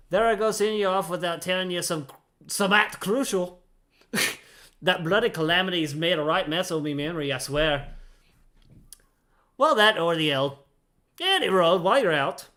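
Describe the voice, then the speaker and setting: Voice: mid-range voice, lively intonation, a little slow, long pauses, fairly bright tone. A gamer voicing a chatty male tavern keeper, reading game dialogue aloud in a folksy, rambling way and stumbling over lines. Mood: hearty.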